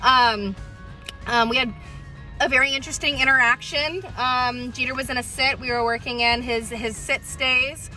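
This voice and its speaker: A woman's voice: sits high, steady tone, normal speed, bright, forceful tone, soft background music. A woman dog trainer in a casual vlog, chatting and retelling stories with lots of ums.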